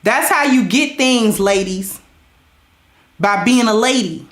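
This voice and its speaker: A woman's voice: fairly high pitch, lively intonation, takes it slowly, pauses often, roomy sound. Emphatic woman talking to her chat. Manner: conversational, emphatic, preachy when making points. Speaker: host. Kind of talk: casual storytelling talk to a live chat.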